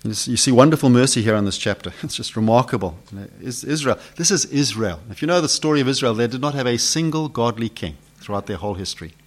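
Man preaching with dramatic loud-soft swings. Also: medium pitch, animated, fast talker, hardly any pauses. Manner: asks the congregation questions. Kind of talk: sermon.

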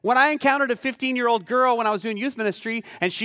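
A man preaching a sermon as pastor, animated and conversational, with lots of rhetorical questions. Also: extremely high pitch, quick pace, hardly any pauses, no echo, studio quality, in a large hall.

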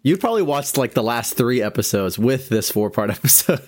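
A man's voice: mid-range voice, sing-song, brisk, a little mellow, no echo, clean studio sound. A young man hosting a casual podcast chat, speaking with a morning voice and laughing easily. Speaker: podcast host.

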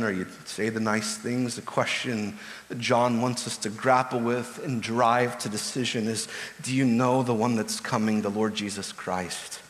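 A man's voice: mid-range voice, a bit bright, in a large hall. A man preaching a sermon as pastor, earnest, building to urgent pleading.

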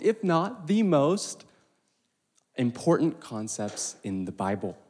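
A man's voice: on the high side, slow. Man preaching in an echoing hall. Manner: animated, with stumbles and asides. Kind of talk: sermon. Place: church hall. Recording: long reverb of a large hall.

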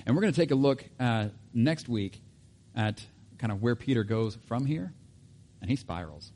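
A man's voice: medium pitch, lively intonation, moderate pace, mellow, slight background noise. A man preaching a sermon in a casual, conversational way, with asides and self-corrections. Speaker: pastor.

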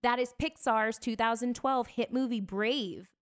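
A woman's voice: a little high, unhurried. A woman co-hosting a podcast, telling celebrity news in a chatty, gossipy way. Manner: chatty, gossipy storytelling with bursts of laughter. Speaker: podcast co-host. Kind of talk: casual chat.

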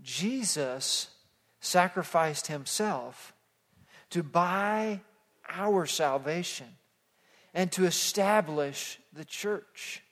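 A man preaching an expository sermon as pastor, moving from hushed passages to loud emphatic calls that the congregation repeats. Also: high-pitched, animated, extremely slow. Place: church sanctuary. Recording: long hall reverb.

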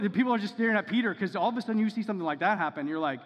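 A man with a slightly raised voice delivers a sermon in an easy, conversational way, pausing to ask "okay?" and "right?" The recording is dull, and a long reverb trails each phrase in the hall. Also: sits high. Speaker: pastor.

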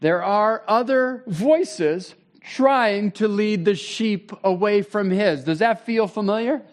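A man in his thirties preaching a sermon as pastor, conversational and animated with sudden loud bursts. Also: sits high, takes it slowly.

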